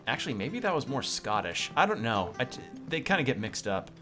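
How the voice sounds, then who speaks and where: A man's voice: medium pitch, big pitch swings, brisk, over music. A young man streaming a game, rambling, joking and reading the game's text aloud with stumbles. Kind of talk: let's play commentary.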